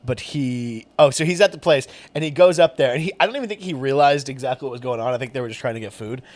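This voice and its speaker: A man's voice: mid-range voice, fast. A man co-hosting a comedy podcast who tells stories animatedly, laughs often and acts out the people he quotes. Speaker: podcast co-host. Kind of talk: casual comedy chat.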